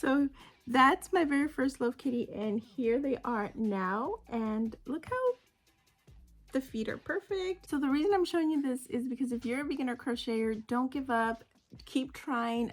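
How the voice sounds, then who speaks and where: A woman with a voice on the high side, speaking at a normal speed, chats casually at home for her crochet vlog. She's unwell with a migraine, rambling and often dropping to a whisper.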